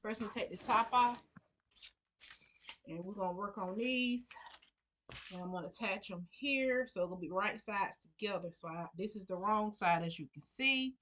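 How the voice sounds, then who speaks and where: Chatty and relaxed, this middle-aged sewing vlogger addresses her audience as y'all while walking through a tutorial. She speaks at a normal speed in a medium-pitched, slightly bright voice.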